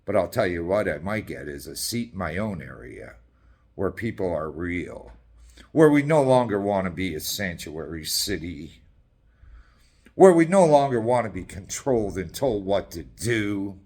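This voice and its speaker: A man's voice: sits low, big pitch swings, unhurried, a little mellow. A middle-aged man from Canada, ranting in an angry, combative and sarcastic way as a political activist, swearing often.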